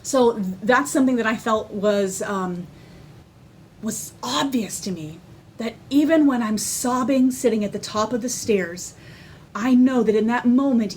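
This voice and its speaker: Woman vlogger, excitable and candid, slightly high voice, casual to-camera chat. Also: a little hiss or hum. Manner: excitable, animated storytelling; candid, laughs while talking. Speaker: vlogger sharing her personal story.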